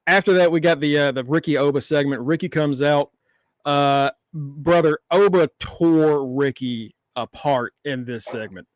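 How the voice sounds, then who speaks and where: A man with a fairly high voice recaps in a relaxed, easygoing way and laughs easily. The sound is dry and close, with no room echo at all. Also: unhurried. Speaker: podcast co-host. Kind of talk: casual wrestling recap.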